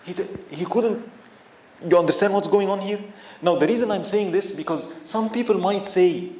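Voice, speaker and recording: Storytelling preacher in an echoey room. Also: male voice, high voice, moderate pace, darkish tone. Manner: storytelling with rhetorical questions. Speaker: sheikh. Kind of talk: sermon. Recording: echoey room with faint ambience.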